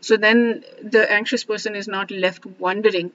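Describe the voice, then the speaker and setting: A woman talking through relationship advice in a casual, reflective monologue, often restarting and trailing off softly. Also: mid-range voice, fairly even intonation, fairly quick, few pauses, lo-fi sound. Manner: thoughtful, many restarts and asides, trails off softly. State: briefly emotional, near tears. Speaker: self-help vlogger.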